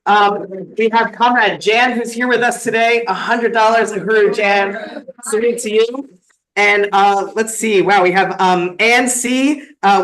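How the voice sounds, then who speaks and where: A man's voice: high-pitched, bright, forceful tone, low-quality recording. A man emceeing a conference, reading donor names one by one in an upbeat way and saluting each.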